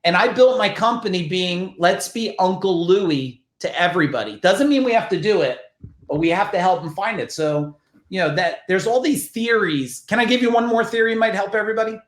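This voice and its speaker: A middle-aged man from New Jersey with a New Jersey accent, a podcast guest telling business stories in a blunt, profane, animated way. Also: sits high, brisk, echoey room. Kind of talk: casual podcast storytelling.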